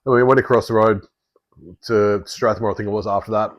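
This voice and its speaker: A man with an Australian accent, a podcast host chatting casually and telling an animated story with plenty of swearing. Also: lowish voice, a little fast, highs cut off. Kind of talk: casual chat.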